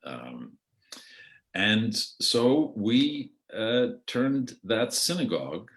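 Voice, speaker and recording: A deep-voiced older Canadian man, an outgoing artistic director, tells long, rambling stories of his theatre life over a video call. His very low voice has a sing-song, fairly bright quality. He talks slowly and hesitantly with frequent ums and restarts, occasionally acting out other people's voices.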